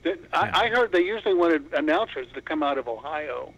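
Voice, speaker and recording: A man's voice: on the high side, animated, brisk, creaky, a bit bright, low-quality recording. A man on a panel, chatting casually with a wry, joking manner over a remote call. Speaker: panel member.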